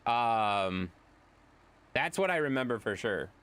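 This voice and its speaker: A male streamer in loose, rambling live chat, answering viewers as he goes. His voice sits at a middle pitch but swings up and down a lot. He talks in easy, meandering bursts. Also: big pitch swings, slow pace, fairly bright tone, clear, resonant tone.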